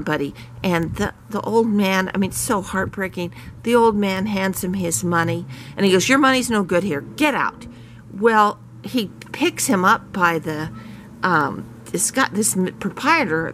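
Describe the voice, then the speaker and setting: A woman's voice: lowish voice, fairly bright tone, a little hiss or hum, low-quality recording. A middle-aged woman hosting her own channel, talking casually to camera out in a garden, rambling with many fillers and restarts. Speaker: channel host. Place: outdoors in a garden.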